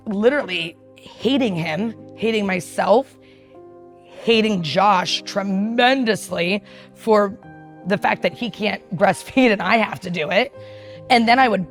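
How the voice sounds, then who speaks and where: A woman in her thirties candidly telling a personal story, blunt and profane, often laughing and acting out what people said. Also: mid-range voice.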